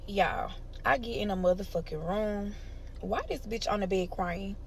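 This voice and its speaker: A woman's voice: mid-range voice, normal speed, creaky, slight background noise. Fed-up, profane woman telling a story. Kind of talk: casual storytime.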